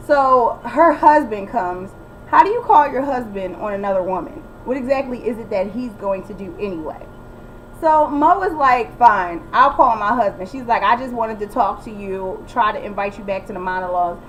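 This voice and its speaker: A woman's voice: sits high, a little hiss or hum, low-quality recording. Sassy, blunt woman recapping a reality show. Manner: sassy, blunt, quick to mimic people and break into song. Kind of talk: casual recap commentary.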